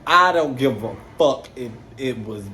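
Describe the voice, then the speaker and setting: A young man casually telling a story to camera, animated, slangy and swearing freely. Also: medium pitch, measured pace, a little hiss or hum.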